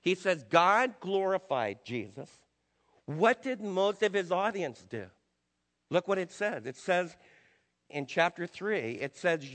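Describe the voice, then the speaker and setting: High, bright-voiced preacher in a hall. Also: male voice, big pitch swings, a little slow. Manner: emphatic, conversational preaching with acted quotes. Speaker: pastor. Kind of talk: sermon.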